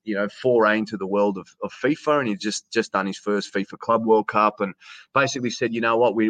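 An Australian man in his thirties with a slightly low voice, recorded very dry and close. He tells long stories in a relaxed, chatty way, stumbling over restarts and dropping in "mate". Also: no echo. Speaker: ring announcer and presenter. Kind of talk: casual interview storytelling.

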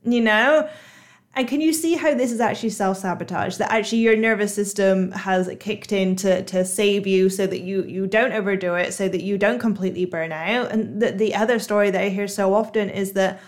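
A woman's voice: medium pitch, fairly quick. A woman with a Bristol accent, hosting her own podcast as a hypnotherapist and coach, talking casually with many fillers. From Bristol, England. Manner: chatty, frequent "you know" and "like" fillers. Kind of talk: solo podcast monologue.

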